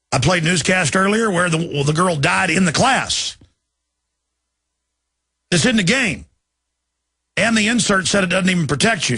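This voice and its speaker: A man's voice: high-pitched, sharp tone, husky, dry recording. A man hosting a talk radio show, delivering an urgent, indignant monologue and pleading with his listeners.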